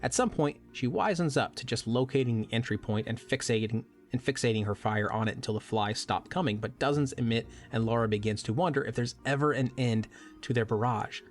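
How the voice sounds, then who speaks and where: A man narrates a scripted recap as a podcast co-host. His mid-range voice is measured and wry. Faint music plays beneath. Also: medium pitch.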